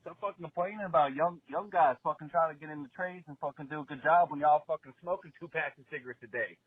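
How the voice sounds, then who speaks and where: A man's voice: on the high side, fast, husky, dry recording. Give me an exasperated man about thirty ranting on a dry, phone-like voicemail. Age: 30s. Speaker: caller, tradesman. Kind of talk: voicemail rant.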